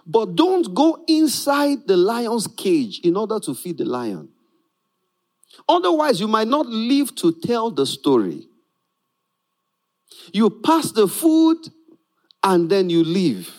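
Male preacher, high and very lively voice, playful, acts out characters mid-sermon. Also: slow pace, pauses often. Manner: animated, laughing often, acting out quoted voices.

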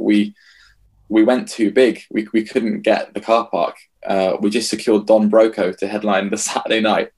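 Man, 30s, husky, lowish voice, lively anecdotal storyteller in interview. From England. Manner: lively anecdotal, acts out his own past lines. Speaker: festival founder.

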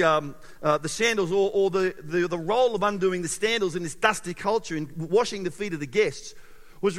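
A male preacher delivers a sermon in a high, bright, ringing voice. He is animated, punching some words hard and dropping others to a near hush. A long reverb trails his voice through a large hall. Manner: animated, swings between loud emphasis and quiet intimacy. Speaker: pastor.

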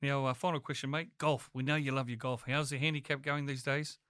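A man hosting a sports podcast, friendly and brisk with his guest. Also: medium pitch, fairly even intonation, a bit bright, smooth, no room sound, clean studio sound. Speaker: podcast host. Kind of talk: casual podcast interview. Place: podcast studio.

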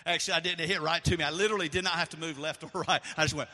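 A middle-aged man preaching a sermon, telling a personal story with strong emotion and swinging between loud and soft. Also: a little high, fairly even intonation, racing. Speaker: pastor. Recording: echoey hall.

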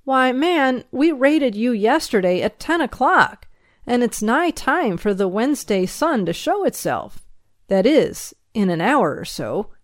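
A woman reading the part of a gruff but fatherly male country sheriff, with a folksy, drawling way of talking. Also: on the high side, sing-song, a little slow, no room sound, clean studio sound, pitched above the performer's own voice. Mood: wry, pressing.

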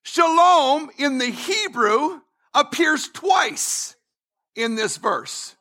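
High, bright-voiced man preaching slowly. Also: lively intonation. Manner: emphatic preaching with repeated phrases and rising shouts. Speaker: pastor. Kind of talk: sermon.

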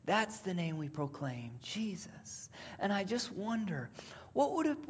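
Preacher in a sermon, thoughtful storyteller, asks questions out loud, mid pitch, goes soft and hushed for quotes. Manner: drops to a soft near-whisper for quoted words. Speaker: pastor.

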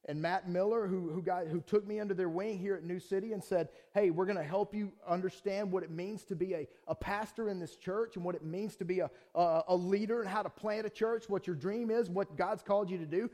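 A middle-aged man preaches to his church with a fairly high voice. He talks through a personal story in plain, conversational terms, dropping to quiet asides and rising to loud, heated outbursts. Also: steady tone, brisk, hardly any pauses. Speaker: pastor. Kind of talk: sermon with personal testimony.

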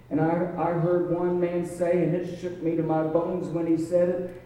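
A man's voice: a little high, level tone, normal speed, mellow. A man preaching a sermon, telling the story dramatically with a voice that rises and falls. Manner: dramatic storytelling, voice rising and falling. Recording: echoey hall, mic far off.

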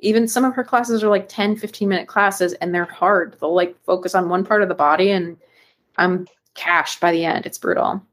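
A chatty woman talking casually on a fitness podcast. Her voice sits on the low side, and she laughs easily and fills her sentences with "like" and "um.". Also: fairly even intonation, moderate pace, fairly bright tone. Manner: chatty, laughs often, lots of fillers. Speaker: podcast co-host. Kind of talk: casual chat.

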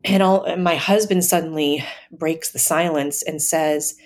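A woman telling a personal story in a casual, hesitant way, with many fillers and soft laughs. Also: deep voice, fairly even intonation, a little slow, slight background noise.

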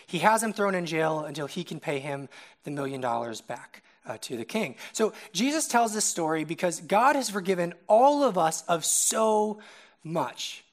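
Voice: medium pitch, expressive, normal speed. A young adult preacher giving a casual, conversational sermon, often checking in with the listeners by asking "right?".

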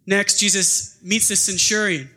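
Animated high-voiced male preacher. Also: a little slow. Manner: conversational, animated preaching with acted-out quotes. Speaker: pastor. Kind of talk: sermon. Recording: long hall reverb.

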